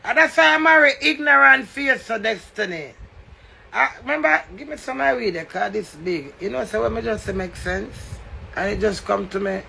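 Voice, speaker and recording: A man's voice: high-pitched, moderate pace, vocal fry, sharp tone, husky. A man with a Jamaican accent delivering a heated, confrontational rant, swearing and lecturing.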